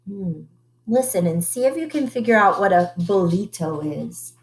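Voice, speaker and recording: A woman teacher reading a picture book aloud to children, expressive and stopping to ask them questions. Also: medium pitch, normal speed.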